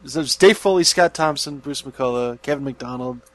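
A man's voice: mid-range voice, a little fast, fairly bright tone. A man co-hosting a casual chat, hesitant and searching for words. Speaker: podcast co-host.

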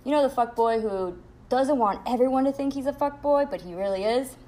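Blunt, high-voiced young woman vlogger. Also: fairly quick. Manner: blunt, profane, animated storytelling. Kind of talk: storytime monologue.

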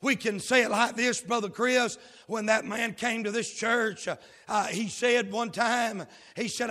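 A male pastor preaching a sermon in a church, drawling key words and breaking into whoops and shouted emphasis. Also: extremely high pitch, fairly even intonation, measured pace. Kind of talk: sermon with opening prayer. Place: church sanctuary. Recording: long hall reverb.

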